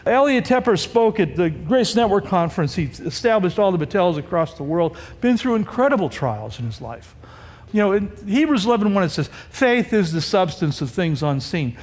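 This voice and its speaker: Man, pastor, sermon, high voice, conversational asides, church sanctuary, long hall reverb. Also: normal speed. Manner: animated, conversational preaching with frequent rhetorical asides.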